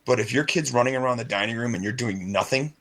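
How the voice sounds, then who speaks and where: A man's voice: mid-range voice, fast, a bit bright. A man working as a restaurant server, chatting casually on a radio show and acting out bits of dialogue in rambling stories. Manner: frequent restarts and stutters.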